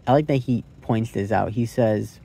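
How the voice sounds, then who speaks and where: Gravelly, husky young man rambling. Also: fairly low pitch, normal speed, warm tone. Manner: rambling, curse-laden, thinks aloud with many likes and rights. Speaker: movie reviewer. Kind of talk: casual rambling movie review. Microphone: phone.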